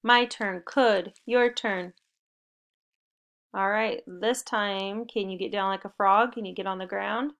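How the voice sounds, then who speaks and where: A woman's voice: mid-range voice, steady tone, takes it slowly, a bit bright. A woman teaching a spelling lesson to young children, giving upbeat and encouraging step-by-step instructions. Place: home recording.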